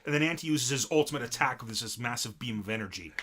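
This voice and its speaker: A man with a bright, forceful voice walks through an anime episode scene by scene. His talk is casual, and he keeps jumping into short character voices. He sits at a middle pitch. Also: slight background noise. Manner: animated retelling with quick character voices. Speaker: podcast co-host. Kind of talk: casual anime recap chat.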